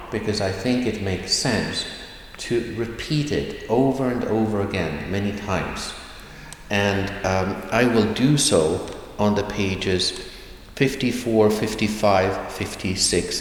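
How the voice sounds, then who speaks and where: Slow, deliberate male teacher in echoey room. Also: on the low side. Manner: slow, deliberate, repeats words for pronunciation. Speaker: language teacher. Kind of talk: recorded video lesson. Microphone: whiteboard in hand, camera at a distance.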